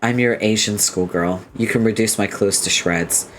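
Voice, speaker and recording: A man reading as a crude, deadpan young female troll who makes blunt lewd remarks in a slow, flat way. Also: lowish voice, faint music behind, close to an everyday voice.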